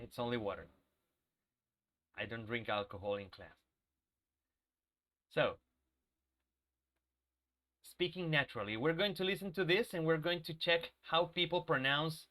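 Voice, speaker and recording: Bright and forceful at a medium pitch, this male English teacher's voice comes through despite a sore throat. He teaches a live class online with patience, repeating essentials and asking after his students.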